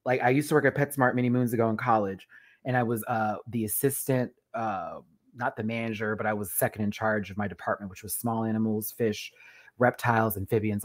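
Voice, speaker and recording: A woman in her thirties hosting a live stream, telling stories in a loud, animated, profane way and laughing often. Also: rumbling low, fast. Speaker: show host reviewing a TV competition. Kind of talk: casual live stream chat.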